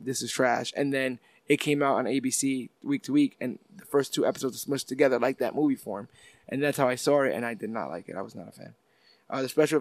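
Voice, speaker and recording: A man's voice: medium pitch, no echo. A man co-hosting a casual chat, talking at length about movie and TV news in a chatty, upbeat way. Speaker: podcast co-host.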